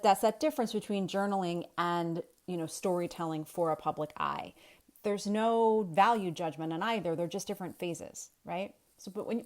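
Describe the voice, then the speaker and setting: A storytelling coach in her thirties talks casually to a webcam from home while her kids are in the next room. Her medium-pitched voice is a little mellow, and she thinks aloud, restarting sentences and asking rhetorical questions.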